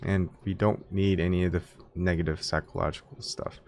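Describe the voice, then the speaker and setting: A man's voice: deep voice, level tone, brisk, few pauses, a little mellow. A man from Texas reading an article aloud and commenting on it in a casual, musing way, chuckling between points. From Houston, Texas. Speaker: commentary host.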